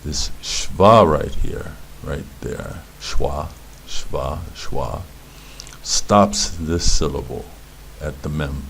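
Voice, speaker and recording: A man's voice: a bass voice, takes it slowly, creaky, few pauses, fairly bright tone, a little hiss or hum. A man teaching beginners Hebrew letters, patiently repeating words and sounds as he explains. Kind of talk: instructional explanation.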